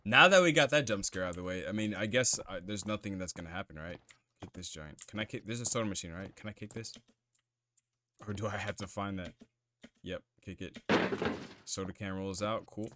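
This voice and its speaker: A man's voice: low voice, a little fast, very noisy. A man commenting on a horror game as he plays, swearing and talking to himself in jumpy asides. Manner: profane, jumpy self-talk while playing. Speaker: gamer playing a horror game. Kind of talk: let's play commentary.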